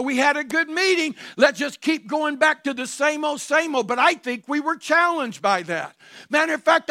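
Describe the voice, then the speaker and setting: A male pastor preaching a sermon to his congregation, full of rhetorical questions and bursts of shouting. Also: very high-pitched, no echo, clean studio sound. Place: church sanctuary before a congregation.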